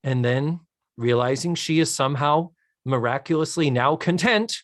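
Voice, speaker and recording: A man co-hosting a podcast, casually retelling a TV episode in an animated way and laughing often. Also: medium pitch, moderate pace, no echo, clean studio sound. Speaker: podcast co-host. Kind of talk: casual chat, recapping a TV episode.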